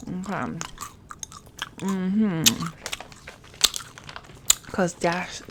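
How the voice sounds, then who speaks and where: A woman chatting softly to her viewers late at night, chewing gum and rambling, sometimes dropping into a whisper. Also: fairly low pitch, fairly even intonation, very slow, very noisy. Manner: drifts into whispers at times. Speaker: ASMR creator. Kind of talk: late-night soft-spoken ASMR chat. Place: home setup, camera placed far away.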